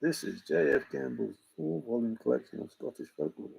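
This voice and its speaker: A man's voice: medium pitch, animated, fairly quick, vocal fry, mellow, husky, poor audio. A middle-aged man hosting a livestream, joking and laughing as he banters with viewers in the chat. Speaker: livestream host answering chat. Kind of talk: casual chat.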